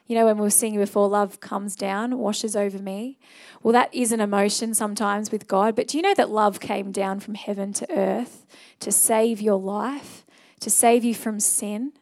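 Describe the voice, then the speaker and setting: A woman's voice: medium pitch, creaky, a little mellow. Earnest woman preaching a church sermon. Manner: earnest, conversational, fillers and restarts. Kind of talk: sermon with altar call and prayer.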